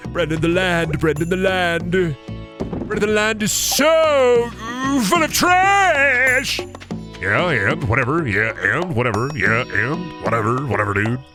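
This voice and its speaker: Crude, animated male gaming streamer. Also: on the low side. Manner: crude, rambling, mock-dramatic. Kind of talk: casual gameplay commentary. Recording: game music behind.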